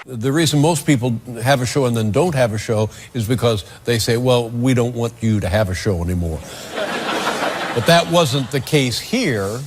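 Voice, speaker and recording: A male interviewer with an ordinary mid-range voice who takes his time. He lays out each question carefully and calmly before handing it to his guest. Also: medium pitch, normal speed, a loud crowd, heavy background noise.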